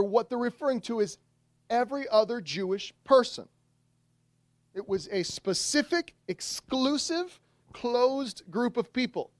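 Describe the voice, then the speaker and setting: A pastor delivers a sermon in an animated storytelling manner, his pitch rising and falling widely. The sound is dry and close, with no room echo. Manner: animated storytelling, acts out voices in retelling.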